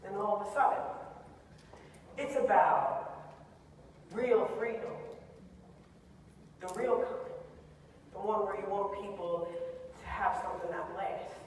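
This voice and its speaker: A woman giving an impassioned motivational talk on stage, emphatic and swinging between loud and quiet. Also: medium pitch, takes it slowly, long pauses, a little hiss or hum. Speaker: motivational speaker. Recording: echoey hall, distant mic.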